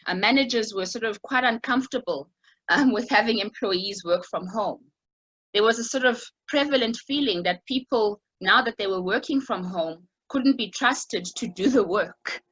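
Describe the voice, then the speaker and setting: A woman's voice: mid-range voice, sharp tone, breathy edge, poor audio. A woman giving an online talk over a video call, telling a personal story in a reflective way with many small fillers.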